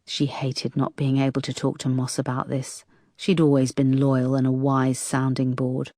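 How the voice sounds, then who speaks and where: A woman narrating an audiobook in a steady, even manner. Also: a bass voice, moderate pace, no room sound, studio quality. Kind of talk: scripted narration.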